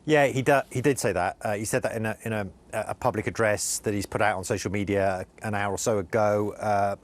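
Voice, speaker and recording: A male correspondent reporting live in a news interview, earnest and halting with many restarts. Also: fairly low pitch, fairly even intonation.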